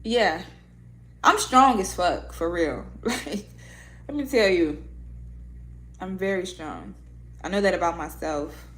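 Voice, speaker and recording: A woman's voice: lowish voice, lively intonation, slow pace, long pauses, a bit bright. Blunt, emotional woman vlogger. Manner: blunt, profane, emphatic; emotional, heartfelt. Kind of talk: casual candid chat to viewers.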